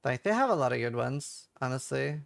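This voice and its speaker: Gravelly streamer man. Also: mid-range voice, sing-song, brisk. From Norway. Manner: chatty, loose slang, playful. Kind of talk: casual gaming commentary.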